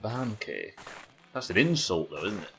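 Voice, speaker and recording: A live streamer gives casual gaming commentary, rambling and talking to his viewers as he plays. His lowish, creaky voice swoops wildly in pitch and moves a little slowly, over a noisy background.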